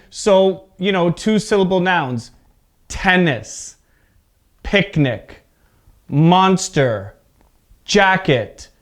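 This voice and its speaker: A man teaching an English pronunciation lesson. He is patient, often checks in with "okay?", and exaggerates word stress in his examples. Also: high-pitched.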